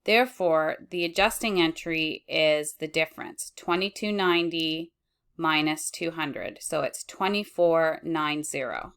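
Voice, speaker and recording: A woman teaching accounting, reading lecture slides in a measured way and correcting herself as she goes. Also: deep voice, steady tone, fairly bright tone, clear, resonant tone. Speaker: accounting instructor.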